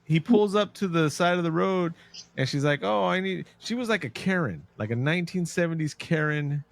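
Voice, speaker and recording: A man co-hosting a casual podcast about a film, retelling scenes with animated storytelling and acted-out quotes. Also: on the high side, brisk, dry recording. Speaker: podcast co-host.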